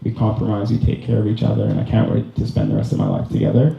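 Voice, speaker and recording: A man's voice: fairly low pitch, sing-song, fast, creaky, warm tone, slight background noise. A young man from Canada, the groom, giving an earnest, rambling wedding speech full of ums and restarts. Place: wedding reception room. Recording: distant, roomy, slightly dull hall recording.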